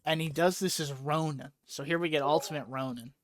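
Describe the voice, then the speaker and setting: Speaking fairly quickly in a fairly high voice, a young podcast host recaps a comic book story in a casual, animated way. He pours energy into the retelling and acts out lines as he goes.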